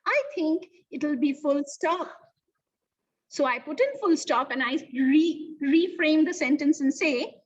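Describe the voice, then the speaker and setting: Slow, high-voiced woman teaching children. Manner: slow, expressive, questions the listeners. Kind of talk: children's lesson. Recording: distant, dull mic sound.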